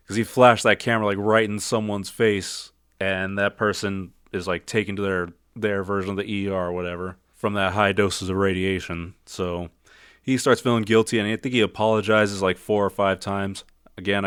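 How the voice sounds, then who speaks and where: A man's voice: fairly low pitch, flat delivery, fairly quick, a bit bright, clean tone, dry recording, studio quality. A man giving a casual spoken film review. He rambles, second-guesses himself and uses lots of fillers. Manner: rambling, self-doubting, many fillers.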